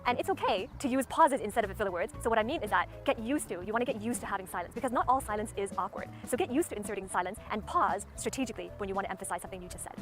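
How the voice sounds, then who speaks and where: Casual: woman teaching speaking tips super fast, music playing under her. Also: medium pitch, lively intonation. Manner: methodical, demonstrates stress and tone aloud. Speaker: speaking coach. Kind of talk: instructional talk. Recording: clear background music under voice.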